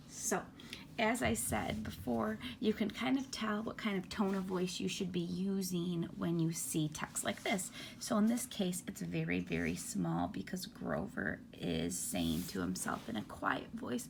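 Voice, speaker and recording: A woman explaining a read-aloud story to children in a gentle, unhurried way, with frequent fillers. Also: fairly low pitch, expressive, gravelly, noisy background. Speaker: reader, teacher.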